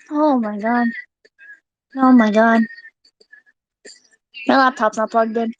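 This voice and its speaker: A young woman live streamer chatting casually with her viewers, excitable and giggly, swearing freely. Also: high-pitched, a little slow, long pauses, rough recording.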